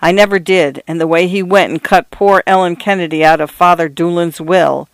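Man putting on a sharp-tongued housekeeper woman. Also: sits high, fairly even intonation, moderate pace, smooth, no echo. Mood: grumbling. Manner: blunt and complaining.

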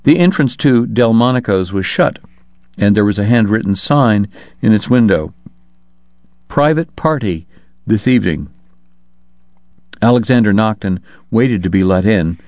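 A man reading an audiobook in a measured, even way. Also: lowish voice, dry recording. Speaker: narrator. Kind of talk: audiobook narration. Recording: dull lo-fi dry recording.

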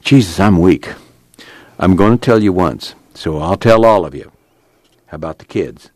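A man playing a beaten-up young farmhand in a story reading, drawling in rough rural dialect, a bit higher than the reader's own low voice and very lively in pitch. it's a dry, close recording. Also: normal speed, no echo. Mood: weary. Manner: drawling rural dialect, raises to strained grief. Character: young man, battered, weary and shaken.

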